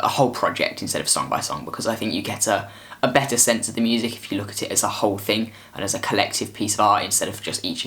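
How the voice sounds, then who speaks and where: A man's voice: fairly low pitch, fairly bright tone. A man giving a casual album review, rambling with frequent restarts. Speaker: music reviewer.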